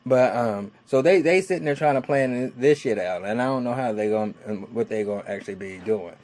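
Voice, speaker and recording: A man in his forties giving a casual, excitable, heavily cursing recap of a TV episode. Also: medium pitch, normal speed, long pauses. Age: 40s. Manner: excitable, heavily cursing, acts out characters' lines. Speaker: TV episode reviewer.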